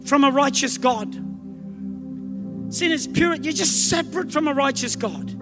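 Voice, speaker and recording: A man with an Australian accent preaching a revival sermon in church, telling stories fast and rising to shouted calls, with soft music behind. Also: very high-pitched. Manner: fervent, rapid storytelling building to shouted calls. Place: church meeting.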